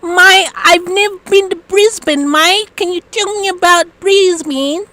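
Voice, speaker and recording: A man putting on a high woman's voice with a fake Australian twang to prank a voice assistant, drawn out and repeating the name. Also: bright, forceful tone, exaggerated voice. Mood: teasing. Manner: slow, drawn-out, keeps saying the name.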